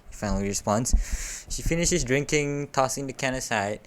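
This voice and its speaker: A man's voice: mid-range voice, expressive. A young man casually reading a fan story aloud, stumbling over words and stopping for joking asides. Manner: reads haltingly, stumbles and corrects himself, joking asides. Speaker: fanfic reader. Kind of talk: casual read-aloud with commentary.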